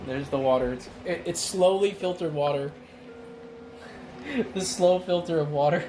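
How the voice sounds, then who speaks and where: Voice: mid-range voice, lively intonation, measured pace, dark tone, faint music behind. A streamer chatting casually while cooking on a live stream, rambling and laughing often. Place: home kitchen.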